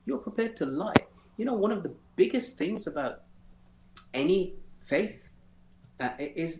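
A man's voice: sits high, darkish tone. An earnest man gives reflective interview answers, pressing his points with emphasis and frequent restarts. His voice carries a roomy echo, with a faint hum behind it. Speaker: interview guest, former detainee.

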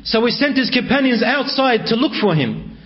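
A man's voice: very high voice, very animated, normal speed. A man telling a religious story in a dramatic, emotive way, dropping in Arabic phrases, on a dull lo-fi recording.

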